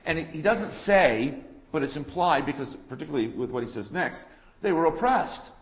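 Male preacher, fairly high voice, emphatic delivery with sudden soft asides; muffled lo-fi recording. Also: expressive, normal speed. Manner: emphatic, swings from loud declarations to quiet asides. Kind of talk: expository sermon.

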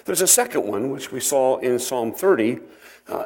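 A man's voice: medium pitch, animated, a little mellow. Man teaching scripture verse by verse. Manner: reads scripture aloud, then explains it in a conversational tone; unhurried, with fillers and self-corrections. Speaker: Bible teacher. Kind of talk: expository Bible teaching.

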